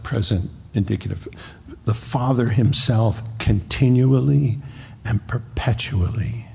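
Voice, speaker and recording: A man preaching a sermon as pastor, earnest and emphatic, stressing words slowly and repeating himself as he drives a point home. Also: medium pitch, creaky, warm tone, in a large hall, a little hiss or hum.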